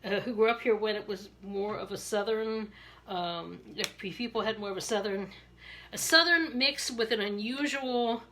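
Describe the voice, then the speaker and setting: Chatty bright-voiced woman with Maryland accent. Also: medium pitch, moderate pace, slight background noise. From Maryland, USA. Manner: chatty, rambling, laughs often. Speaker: beauty vlogger. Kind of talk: casual chat while styling hair.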